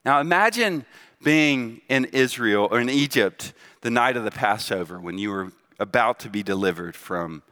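A man's voice: mid-range voice, expressive, moderate pace, fairly bright tone. A middle-aged man preaching a sermon in a conversational way, asking the congregation questions and often adding "right?". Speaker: pastor.

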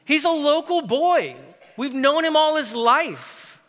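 A man's voice: very high voice, sing-song, takes it slowly, fairly bright tone, big-room sound, voice pushed up, heavily acted. A man voicing an indignant small-town crowd that mocks a local man, asking incredulous questions. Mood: scoffing.

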